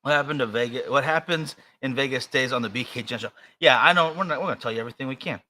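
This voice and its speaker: A man's voice: mid-range voice, quick pace, pushed and bright. A man with an American accent co-hosting a podcast in casual chat, rambling and hesitant with many fillers and restarts. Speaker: podcast co-host.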